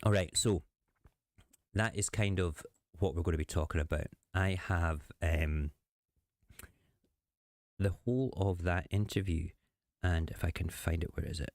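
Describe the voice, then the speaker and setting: Deep-voiced, sarcastic host. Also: male voice, unhurried, pauses often, no room sound, studio quality. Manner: chatty, rambling, sarcastic. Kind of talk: casual political commentary.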